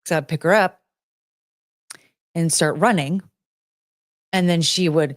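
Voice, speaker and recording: A woman streamer in casual chat, greeting viewers by name and rambling with giggles, fillers and restarts, jumping between high excited greetings and low mumbled asides. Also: slow pace, pauses often, dry recording, studio quality. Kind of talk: casual chat reading out chat names.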